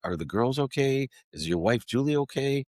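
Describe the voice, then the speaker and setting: A man voicing his loving elderly mother, who speaks softly and keeps reassuring him in a raised, gentle voice. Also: mid-range voice, expressive, moderate pace, no echo, studio quality, voice pushed up, lightly acted. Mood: worried, tender. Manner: soft, reassuring, repetitive. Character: gentle loving older mother, calm and unshaken.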